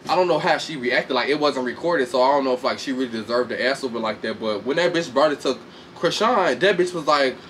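A man casually recapping a reality show fight with lots of swearing, laughter, and sudden high mocking voices. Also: fast, a little hiss or hum. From Chicago. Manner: animated, profane, laughs often, shifts into high mocking voices. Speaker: commentator reacting to a reality show. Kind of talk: casual chat.

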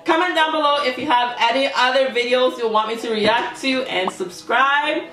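A woman hosting a casual reaction video, excitable and quick to laugh, often trailing off mid-sentence. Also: high voice. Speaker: YouTube reaction host. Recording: echoey room with faint music.

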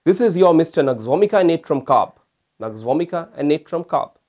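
A man's voice: fairly high pitch, animated, a little fast, a little mellow. A man, a homeopathic doctor, giving a recorded lecture. He calls his listeners "my friends" and acts out how patients stammer.

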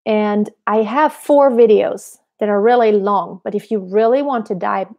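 A woman's voice: mid-range voice, unhurried, warm tone. A young adult woman, a singing teacher, explaining vocal technique in a live-stream lesson and answering viewers' questions, asking herself questions as she goes. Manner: explanatory, asks herself rhetorical questions, demonstrates voice placements. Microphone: computer mic on a live stream.

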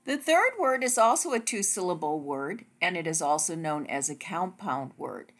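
A woman narrating a phonics lesson for teachers, speaking slowly and carefully as she walks through each word. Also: fairly low pitch, big pitch swings, a bit bright. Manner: slow, careful, deliberate word-by-word delivery.

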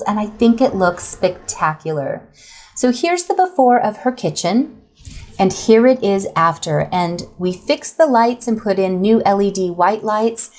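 A woman's voice: medium pitch, darkish tone. Upbeat woman DIY vlogger. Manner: chatty and upbeat, speaks directly to viewers. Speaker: DIY home crafts vlogger. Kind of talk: friendly tutorial voice-over.

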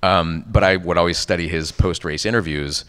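A man's voice: low-pitched, normal speed, big-room sound. A middle-aged man, a voice actor, chatting animatedly at a convention panel about his work. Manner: animated storyteller, rattles off ad copy and voices. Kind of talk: casual convention panel talk.

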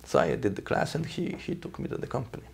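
A middle-aged man from Poland with a Polish accent, a ballet company's artistic director recalling his career in an unhurried, anecdotal interview full of fillers. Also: mid-range voice, sing-song, creaky. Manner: anecdotal, thinking aloud, with frequent fillers.

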